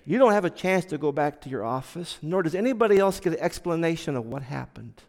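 A man giving a personal testimony, telling it slowly and earnestly, dropping to a hush and then rising loud. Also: on the high side, animated, long reverb tail. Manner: slow, earnest storytelling that swings from hushed to loud.

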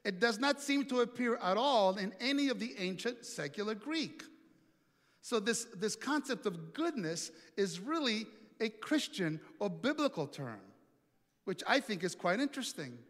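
High-voiced preacher in a reverberant hall. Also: male voice, big pitch swings, moderate pace, a bit bright. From Italy. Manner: storytelling, playful, asks the audience questions. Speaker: pastor. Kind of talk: sermon. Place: large hall with an audience.

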